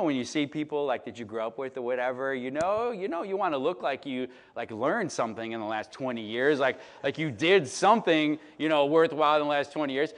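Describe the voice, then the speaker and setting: A man in his late thirties from Chicago gives a conversational sermon. He tells stories to his congregation in a loose, chatty way, full of "you know" and "right?". His voice sits at an ordinary pitch for a man. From Chicago, United States. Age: late 30s. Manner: chatty, filler-heavy, asks the audience "right?".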